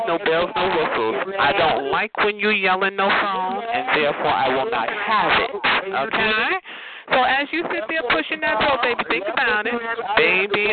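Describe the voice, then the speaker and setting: Sassy man on a tinny phone line. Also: sits high. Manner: sassy, condescending, calls people baby and honey. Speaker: chat line caller. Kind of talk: heated phone chat line argument.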